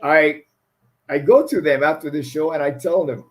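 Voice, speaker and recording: A middle-aged man with a foreign accent tells stories in a relaxed interview, rambling and laughing as he goes. His voice sits a little high and has a husky grain. He often restarts his phrases mid-thought. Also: moderate pace, low-quality recording. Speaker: guest musician. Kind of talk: casual storytelling interview.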